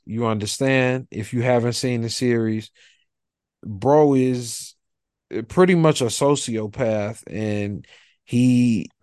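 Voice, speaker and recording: Laid-back low-voiced podcast host. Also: male voice, a little mellow, no echo, studio quality. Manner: laid-back, rambling, filler-heavy talk. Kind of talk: casual chat.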